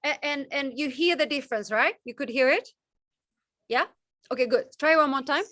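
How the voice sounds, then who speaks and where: A woman teaching Sanskrit chant pronunciation on a video call, gentle and encouraging, halting with many restarts. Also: high voice, no room sound.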